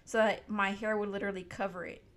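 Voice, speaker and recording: A young woman co-hosting a podcast, chatting in a relaxed way with plenty of agreeing fillers. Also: mid-range voice, quick pace. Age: young adult. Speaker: podcast co-host. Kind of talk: casual chat.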